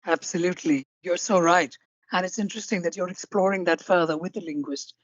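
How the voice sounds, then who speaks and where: A woman hosting an interview podcast who speaks in a measured, deliberate way and sums up her guest's points. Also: fairly low pitch, no echo, lo-fi sound. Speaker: podcast host.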